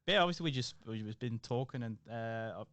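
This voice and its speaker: A man's voice: medium pitch, animated, brisk, fairly bright tone, no room sound. A man from Australia with an Australian accent, co-hosting a podcast in laid-back, jokey chat. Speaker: podcast co-host. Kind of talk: casual chat.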